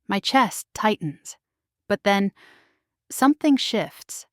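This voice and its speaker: A woman narrating a first-person paranormal romance story in a slow, dramatic delivery. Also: medium pitch, dry recording, studio quality.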